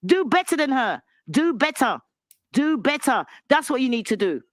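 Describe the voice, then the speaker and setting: A woman's voice: sits high, sing-song, normal speed, no room sound. Indignant woman lecturing in a dry recording. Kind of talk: angry video rant.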